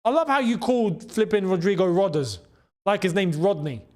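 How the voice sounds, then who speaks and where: A young man with a London accent hosting a live football watchalong, chatting in slang and breaking into excited shouts at big chances. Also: sits high, normal speed. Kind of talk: live match watchalong commentary.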